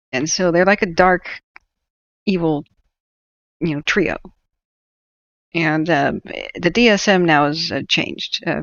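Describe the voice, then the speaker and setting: Gravelly-voiced woman talking casually. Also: on the low side, fairly bright tone, dry recording. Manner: rambling, opinionated, with many fillers and restarts. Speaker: host. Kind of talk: casual livestream talk. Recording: dull lo-fi audio.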